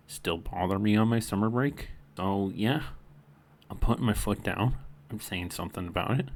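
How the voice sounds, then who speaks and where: A man's voice: lowish voice, a little slow, gravelly, a little hiss or hum. A man venting to the camera late at night, bitter and profane, often muttering his threats. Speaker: channel host. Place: indoors at home late at night.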